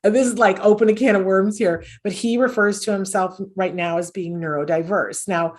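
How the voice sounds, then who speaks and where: Her mid-range voice has a darkish tone and fairly even intonation, moving a little fast. A middle-aged woman, podcast host, and autism mom, she tells stories earnestly as an interview guest, with many fillers and restarts.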